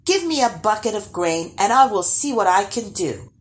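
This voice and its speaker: A woman's voice: mid-range voice, very animated, normal speed, natural voice. A woman voicing a clever young peasant boy in a storybook, light and cheerful. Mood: plucky. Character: plucky young male peasant lad, clever and calm.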